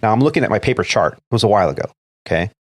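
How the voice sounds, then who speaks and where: Deep-voiced man recounting a cockpit story. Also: expressive, rapid-fire, slightly rough, no echo, studio quality. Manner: recounts events step by step, acting out quoted radio calls. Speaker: airline first officer. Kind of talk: casual storytelling on a podcast.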